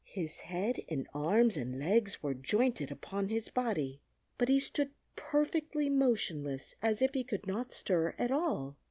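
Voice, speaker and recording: A woman narrating a classic children's audiobook with an expressive storytelling reading, on a close studio mic. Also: medium pitch, unhurried, no room sound.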